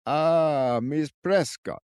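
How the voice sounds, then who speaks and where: A man voicing a quirky old male forest sentry with a cracked, croaking voice, speaking slowly. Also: fairly high pitch, darkish tone, no echo, clean studio sound, pitched above the performer's own voice. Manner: slow, quirky, chirpy.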